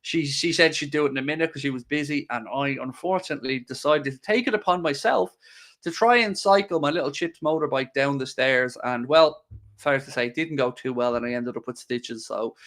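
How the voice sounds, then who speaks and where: A man's voice: mid-range voice, brisk, a bit bright. A man hosting a live stream, chatting casually and joking as he answers viewers' questions. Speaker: livestream host.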